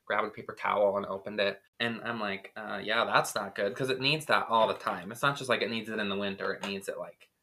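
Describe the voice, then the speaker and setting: A man's voice: lowish voice, fairly quick, few pauses. A man co-hosting a podcast, telling a rambling story in casual chat with lots of filler words. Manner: rambling, filler-heavy, animated retelling. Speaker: podcast co-host.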